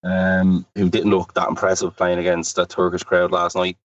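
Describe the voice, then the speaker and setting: A man in a casual football chat, speaking in a measured, flat way. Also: low voice, dry recording. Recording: distant dull dry mic.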